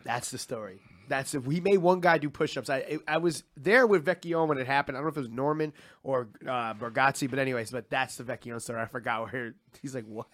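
A man co-hosting a casual podcast, telling stories in an animated way with frequent laughter. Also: mid-range voice, a little fast. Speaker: podcast co-host.

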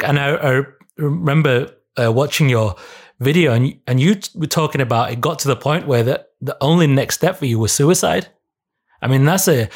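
Interviewer guy, mid pitch, thoughtful and encouraging. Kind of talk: interview questions.

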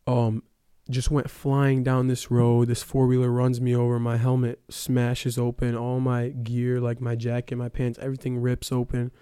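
A man's voice: medium pitch, completely flat delivery, normal speed, hardly any pauses, mellow, smooth, no room sound, clean studio sound. A young man giving a casual personal testimony, telling his story with lots of fillers like "um" and "like". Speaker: testimony speaker.

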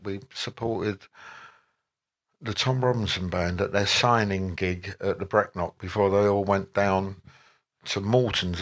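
Bright-voiced man telling stories. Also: on the low side. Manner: rambling, animated anecdotes with quoted voices. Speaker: interview guest. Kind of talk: anecdotal storytelling.

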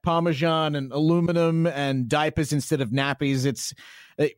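A man's voice: fairly high pitch, steady tone, normal speed, no echo, studio quality. Australian man, frank and chatty. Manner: chatty, frank, many restarts and fillers. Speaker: radio presenter, guest. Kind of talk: casual interview chat.

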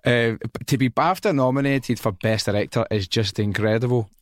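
A Scottish man hosting a podcast, relaxed and chatty, swearing casually as he asks questions. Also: mid-range voice, brisk, no room sound, clean studio sound. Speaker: podcast host. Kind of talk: casual interview chat.

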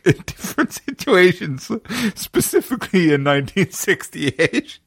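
A man's voice: sits high, sing-song, unhurried, husky, no room sound, clean studio sound. A man hosting a casual podcast, joking around and speaking to the listeners. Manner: jokey, addresses listeners. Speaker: podcast host. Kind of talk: casual chat.

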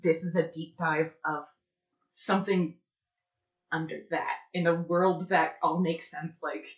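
Podcast co-host, woman, rambling casual chat, low bright voice, echoey lo-fi recording. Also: level tone, measured pace. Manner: rambling, heavy use of fillers like "like" and "um". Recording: echoey room, dull lo-fi sound.

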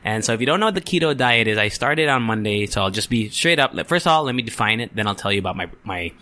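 A man's voice: fairly low pitch, lively intonation, fast talker, sharp tone. A young man hosting his own podcast, rambling casually and swearing now and then. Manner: frustrated, rambling, swears, mixes in Tagalog words. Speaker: podcast host. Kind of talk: casual solo podcast chat.

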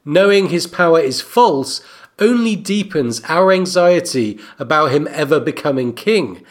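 A man co-hosting a book podcast who gives deliberate, analytical commentary. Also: on the high side, expressive. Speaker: podcast co-host.

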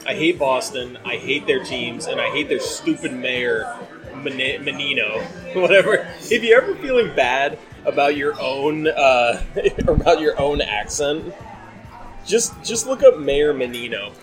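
Rambling, laughing podcast host. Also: male voice, medium pitch, animated, unhurried, over music. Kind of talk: casual chat.

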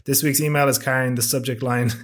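A man hosting a podcast, introducing segments and newsletter plugs in a relaxed, joking way. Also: medium pitch, fast talker. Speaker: podcast host.

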